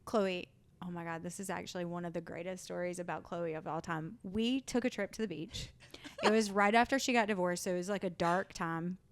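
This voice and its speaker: A woman podcast host telling a story in an animated, chatty way. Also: on the low side, fairly quick. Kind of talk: casual storytelling.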